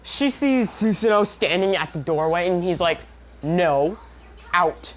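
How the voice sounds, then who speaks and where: A woman's voice: fairly low pitch, expressive, moderate pace, a little hiss or hum. A woman casually telling a fan-made story, rambling along with lots of "you know". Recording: dull lo-fi recording.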